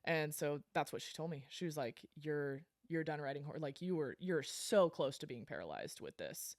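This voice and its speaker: A woman's voice: sits low, animated, normal speed, darkish tone, no echo, clean studio sound. A woman guest on a podcast, telling her story in a blunt, frank way, swearing casually and laughing between lines. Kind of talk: candid storytelling interview.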